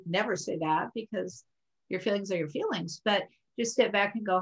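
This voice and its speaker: A woman coaching in a casual conversation, calm and reassuring as she gives advice. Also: mid-range voice, normal speed, rough recording.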